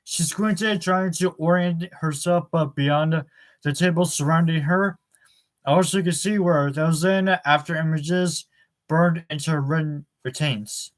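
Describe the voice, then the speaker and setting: A man's voice: on the high side, unhurried. A man reading a novel chapter aloud in a plain voice, with occasional fillers and self-corrections. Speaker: audiobook reader.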